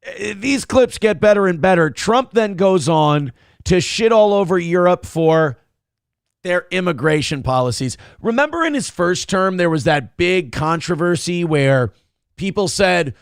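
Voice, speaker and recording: A man's voice: high voice, animated, a little slow, vocal fry, smooth, no echo, studio quality. Crude, blunt man hosting a morning stream. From Minnesota, USA. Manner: crude, blunt and sarcastic, rambling with restarts. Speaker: morning show host. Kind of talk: livestream commentary reading viewer donations.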